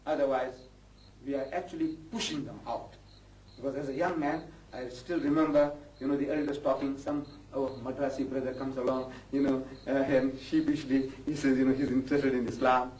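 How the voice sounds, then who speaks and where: A man's voice: medium pitch, steady tone, a little fast, darkish tone. An older man, lecturing an audience as a Muslim preacher, impassioned and rising to indignant outbursts. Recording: echoey hall, distant mic, faint noise.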